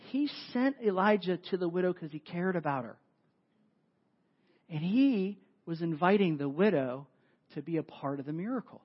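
A man's voice: high-pitched, husky, lo-fi sound. Casual, punchy male preacher. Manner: casual, conversational preaching with sudden loud emphatic bursts. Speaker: pastor. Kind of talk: sermon.

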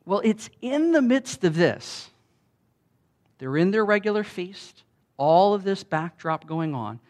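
A man preaching a sermon in a conversational way, with restarts, often rising loud when he quotes. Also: high-pitched, very animated, slow. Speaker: pastor.

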